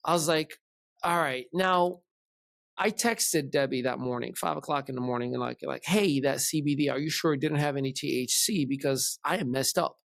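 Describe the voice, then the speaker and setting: A male podcast host casually spins a long story, animatedly acting out the dialogue and voices of the people in it. His voice is a little high with vocal fry, at a moderate pace, in a dry, clean studio recording.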